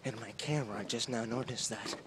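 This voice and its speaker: Young male vlogger, mid-pitched and chatty, recorded outside on a handheld phone with noticeable noise. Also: fast. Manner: rambling, self-mocking, chatty. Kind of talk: casual walking vlog. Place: outdoor boardwalk. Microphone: phone held at arm's length. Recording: outdoor phone audio with steady noise.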